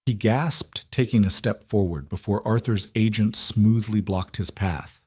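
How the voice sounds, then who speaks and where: A man narrating a scripted first-person drama story in a steady, dramatic way. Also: fairly low pitch, a little slow, husky, dry recording, studio quality.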